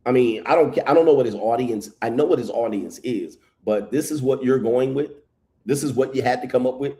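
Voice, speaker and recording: A man's voice: medium pitch, fairly quick, mellow. A man reacting to a video clip with blunt, mocking commentary, swearing freely as he talks. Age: adult past his first marriage.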